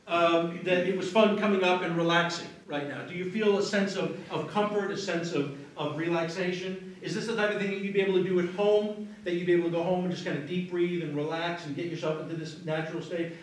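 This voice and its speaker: Stage hypnotist, male, higher voice, soothing patter, taped far from the stage in a reverberant venue. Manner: slow soothing suggestions, then apologetic banter. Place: live venue with audience. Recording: echoey room, taped from afar.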